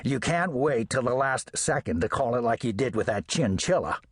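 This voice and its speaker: A man voicing Murray, a gruff, bristly male alley cat who growls in a nasal twang and talks bluntly. His voice comes out husky and dry, with a lively rise and fall. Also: medium pitch, normal speed, dry recording. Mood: warning.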